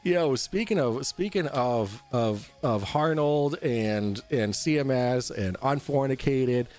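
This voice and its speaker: A man's voice: mid-range voice, expressive, slow pace, a little mellow, faint music behind. A man hosting a casual livestream talk show, rambling and swearing as he reads and answers chat while drinking on air.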